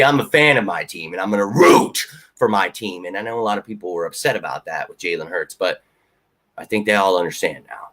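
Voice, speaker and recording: A man hosting a live fan Q&A stream, excitable and rambling, swearing freely as he answers viewers. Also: fairly low pitch. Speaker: fan channel host. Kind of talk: live Q&A chat.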